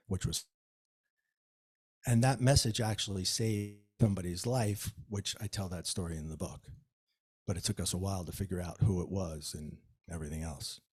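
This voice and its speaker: A man, an author guest, telling a personal story in an interview with lively, acted-out dialogue. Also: low-pitched, breathy edge. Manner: animated storyteller, acts out dialogue.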